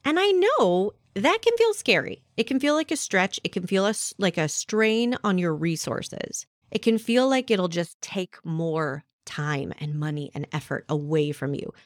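A woman in her thirties hosting a solo podcast, talking to the listener in an animated, conversational way. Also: lowish voice, unhurried, few pauses, dry recording, studio quality. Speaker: podcast host.

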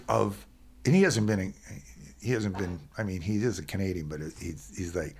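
A man, a musician guest, chatting on a podcast and telling animated stories about recording. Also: lowish voice, brisk, husky. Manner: animated storyteller, acts out quoted voices. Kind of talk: casual podcast conversation.

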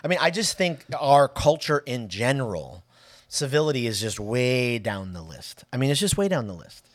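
A man co-hosting a casual podcast chat, animated and drawing out key words for emphasis. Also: mid-range voice, moderate pace, dry recording. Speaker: podcast co-host.

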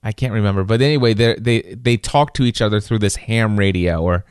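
A man with a lowish, smooth voice rambles through a relaxed conversation, often restarting his sentences. The sound is close and dry, with no room around it. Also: brisk, no echo. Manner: rambling, many restarts and repeated words. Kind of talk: casual chat.

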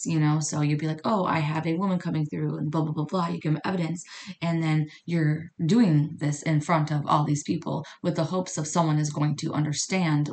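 A woman's voice: deep voice, a little hiss or hum. A woman hosting a podcast, telling a personal story in a casual, chatty way and acting out the dialogue. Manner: chatty, animated, acts out quoted dialogue. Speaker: podcast host.

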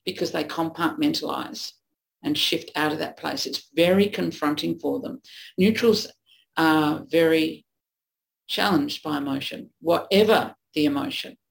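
A woman's voice: deep voice, moderate pace, vocal fry, rough recording. A woman relationship coach explaining a topic in conversation, acting out what partners say to each other. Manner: earnest, acts out quoted partners. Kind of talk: teaching conversation.

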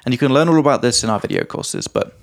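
A man co-hosting a podcast, explaining English grammar in a relaxed chatty way with lots of examples and the odd swear word. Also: mid-range voice, fast talker, gravelly. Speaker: podcast co-host and English teacher. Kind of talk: casual teaching chat.

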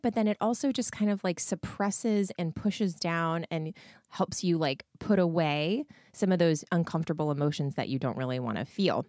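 Hoarse low-voiced woman podcast host. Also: darkish tone, no echo, clean studio sound. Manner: candid, swears freely, frequent likes and ums. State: hoarse, froggy. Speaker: podcast host and weight loss coach. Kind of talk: casual answers to listener questions.

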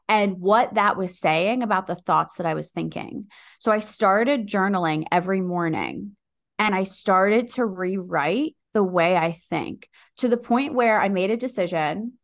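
A woman guest on a podcast, telling her own story in a loose, chatty way. She is animated, swears freely and acts out the voice in her head. Her pitch sits in the middle range for a woman. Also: vocal fry. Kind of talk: casual storytelling.

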